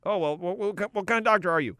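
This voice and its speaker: Man doing a baffled male physician, stammering, incredulous, raised pitch, dry sound. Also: racing, bright, forceful tone, no room sound. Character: flustered baffled male physician, middle-aged.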